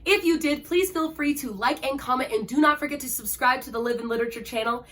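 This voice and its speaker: A woman's voice: high voice, fast, a bit bright. Gushing woman book vlogger. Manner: gushing and dramatic, heavy use of "like". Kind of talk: emotional book-review vlog.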